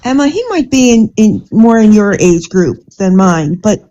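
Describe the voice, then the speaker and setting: A woman's voice: mid-range voice, animated, moderate pace, warm tone, highs cut off. A woman on a live political panel, asking pointed, needling questions. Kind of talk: casual debate chat.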